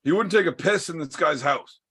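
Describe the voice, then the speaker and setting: A man hosting a casual chat, teasing his guest with dry, deadpan questions. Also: on the high side, a little fast, breathy edge. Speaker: podcast host.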